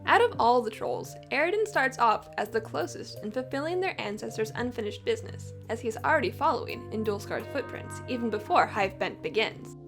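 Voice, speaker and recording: A young woman co-hosting scripted fandom facts, expressive and quick to react. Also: on the high side. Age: young adult. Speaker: co-host of fandom facts video. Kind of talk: scripted facts narration with banter. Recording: music bed behind voice.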